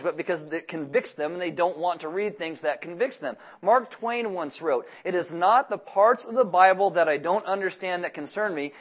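Man, pastor, sermon, conversational, deadpan humor, slightly high voice. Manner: conversational, joking asides between scripture readings.

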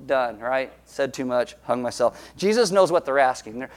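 A man preaching a sermon, telling stories with quick jokes and asides. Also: mid-range voice. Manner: jokey, animated storytelling with quick asides. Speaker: pastor.

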